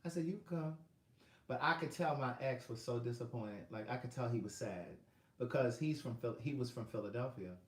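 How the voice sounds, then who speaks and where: A middle-aged male author telling a personal story in a lively, laughing way, acting out quotes. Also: medium pitch, a little fast. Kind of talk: storytelling monologue. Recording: roomy echo.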